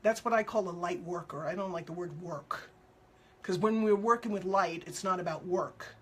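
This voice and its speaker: A woman's voice: lowish voice, normal speed, fairly bright tone, husky. A woman hosting a show as an animal communicator, chatting casually and upbeat with viewers, answering their questions in loose, repetitive phrasing and acting out quotes playfully.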